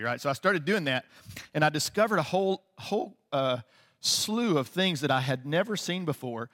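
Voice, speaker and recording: A man's voice: mid-range voice, expressive, moderate pace, a bit bright. A man in his fifties preaching a casual, conversational sermon as a pastor, laughing often and asking "right?" after his points. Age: 50s. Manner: conversational, laughing, frequent tag questions.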